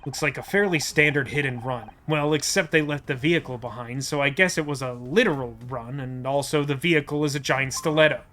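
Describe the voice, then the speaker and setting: A man voicing a gruff, weary male police detective who grumbles in an exasperated way, lower and quieter than his own voice. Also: a little fast, hardly any pauses, lightly acted. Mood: dry.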